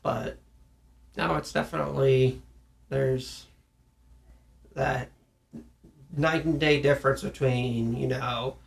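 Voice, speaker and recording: A man from the American South in casual conversation, animated, acting out stern parents in his stories. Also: mid-range voice, slow, vocal fry, pauses often. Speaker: podcast co-host. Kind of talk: casual chat.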